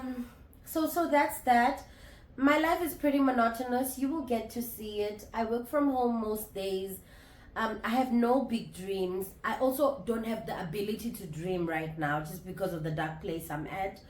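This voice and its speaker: Woman, 30s, confessional vlogger; mid-pitched, reflective, halting delivery, roomy echo. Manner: reflective, candid, halting with restarts. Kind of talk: confessional casual vlog.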